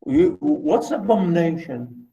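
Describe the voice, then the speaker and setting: A male teacher lectures on a novel in a slow, theatrical way. His voice is high and very lively, jumping between low mutters and loud exclamations. The room around him is echoey. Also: creaky, muffled recording, slight background noise. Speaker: literature teacher. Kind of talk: class lecture with dramatic readings.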